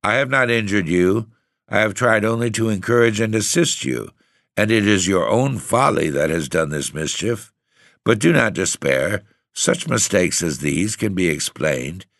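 A man's voice: on the low side, big pitch swings, a little slow, creaky, a bit bright, dry recording, studio quality, voice pushed up, exaggerated voice. A man reading the part of an older uncle's ghost who meddles with polite, formal persuasion. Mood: reproachful.

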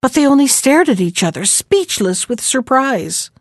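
A woman narrating an old fairy tale and giving each character a different pitch. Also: big pitch swings, moderate pace, no echo, clean studio sound. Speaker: storyteller.

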